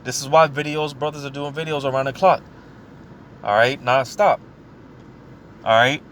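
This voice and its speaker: A man preaching informally, reading scripture aloud slowly and talking casually, often saying "man" and "you know" between thoughts. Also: medium pitch, a bit bright, slight background noise. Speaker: scripture teacher.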